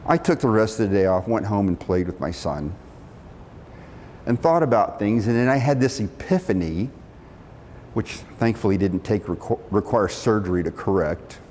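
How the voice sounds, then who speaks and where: A middle-aged man telling a story from his working life, animated, acting out the quotes. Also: normal speed. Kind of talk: storytelling talk. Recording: long reverb of a hall, faint rumble.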